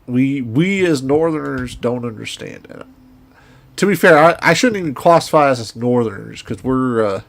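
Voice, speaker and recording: Gravelly guy w/ a twang, rambling folksy game commentary. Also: medium pitch, animated, moderate pace. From Indiana. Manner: rambling, folksy, talks to himself while playing. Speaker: gaming streamer. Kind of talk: casual gameplay commentary.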